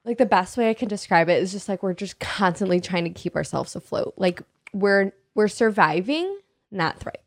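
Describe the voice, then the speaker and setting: A woman's voice: medium pitch, lively intonation, normal speed, dry recording, clean studio sound. A woman co-hosting a casual faith podcast, speaking candidly and chattily with many fillers. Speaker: podcast co-host.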